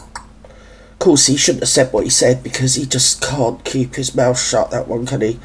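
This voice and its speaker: A man's voice: medium pitch, steady tone, normal speed, slightly rough. A man from England hosting a reaction video, chatty and gossipy with sarcastic asides. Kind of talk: chatty commentary over a clip.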